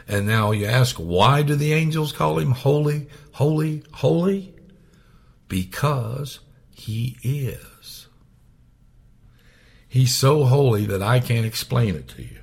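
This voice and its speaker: A man preaching a sermon, swinging from loud raised passages to hushed whispers. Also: mid-range voice, expressive, normal speed, creaky, few pauses, breathy edge.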